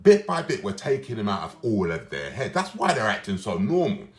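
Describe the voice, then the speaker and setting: A man's voice: lowish voice, very animated, a little fast. A man, ranting in a rambling, agitated way and swearing, indoors in his room. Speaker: vlogger. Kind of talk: rambling casual monologue. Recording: roomy echo.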